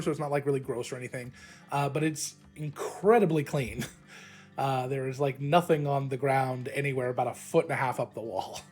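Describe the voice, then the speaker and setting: Halting male game master, many fillers. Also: fairly high pitch, darkish tone. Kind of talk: narrating a tabletop game live.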